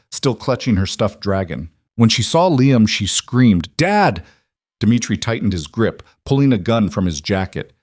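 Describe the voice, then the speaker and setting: A man narrates a scripted thriller in an even, dramatic way. His voice is low. The sound is dry and close. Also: dry recording.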